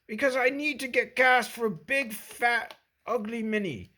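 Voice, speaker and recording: A storyteller voicing a polite, fussy gentleman who gets flustered, speaking in a prim, overly polite way. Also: medium pitch, a little slow.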